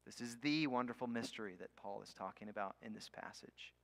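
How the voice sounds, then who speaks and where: Man preaching in an echoing hall. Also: on the low side. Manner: emphatic, slows on key words, drops to near whisper. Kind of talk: sermon. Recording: long hall reverb.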